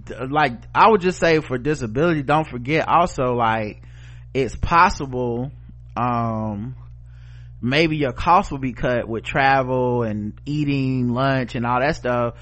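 A man's voice: medium pitch, fairly bright tone. Candid, profane podcast host, a man. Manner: candid, profane storytelling with acted-out quotes. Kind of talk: casual chat.

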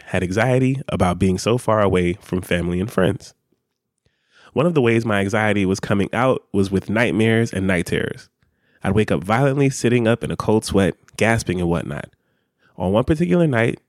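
A man co-hosting a casual chat, telling stories with a lively, joking manner and casual swearing. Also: fairly low pitch, dry recording, studio quality. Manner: animated, laughs often, swears casually. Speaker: podcast co-host. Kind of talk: casual chat and story reading.

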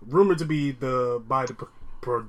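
A man's voice: medium pitch, moderate pace, low-quality recording. A man hosting a casual podcast chat, laughing often and trailing off mid-sentence. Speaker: podcast host.

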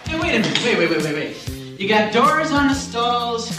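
An actor playing an excitable, nosy teenage boy who keeps repeating himself in indignation. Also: very high-pitched, moderate pace. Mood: indignant. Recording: echoey film clip with music from far off.

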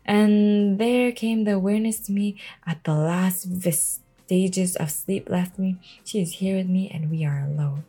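A woman reading a novel aloud in a casual bedtime style. Her voice is gravelly and husky, at a middle pitch. She trips over words and restarts often. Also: a little slow, hardly any pauses, dark tone, soft background music. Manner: reads with frequent stumbles and restarts.

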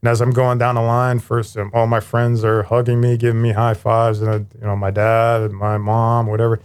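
A man in his forties, a former firefighter paramedic, telling his life story in a candid, animated way with casual swearing. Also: medium pitch, a little fast, clean tone.

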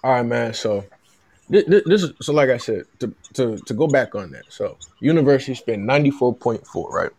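Man, 30s, podcast host, casual sports talk, animated, stammering restarts, dry close sound. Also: medium pitch, brisk, no echo.

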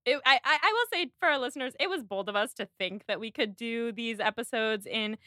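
A woman's voice: a little high, animated, brisk, bright, forceful tone, no room sound, clean studio sound. A woman hosting a podcast, chatting casually as she retells film scenes with lots of "like". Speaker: podcast host. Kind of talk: casual chat recapping a film.

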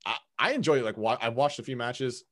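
A man's voice: medium pitch, lively intonation, fairly bright tone. A man chatting casually, stumbling and repeating words as he talks. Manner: halting, restarts words, laughs easily. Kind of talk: casual chat.

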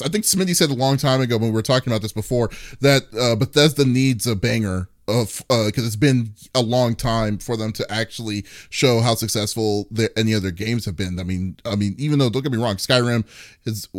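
A man's voice: on the low side, dry recording, studio quality. Rambling man hosting a chat podcast. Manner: rambling, many fillers and restarts, laughs often. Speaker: podcast co-host. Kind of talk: casual chat.

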